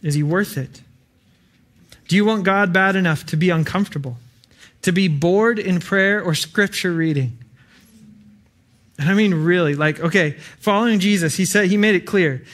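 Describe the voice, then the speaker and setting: A man's voice: sits high, moderate pace, a bit bright. Earnest man preaching a casual sermon. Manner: earnest, conversational preaching with fillers.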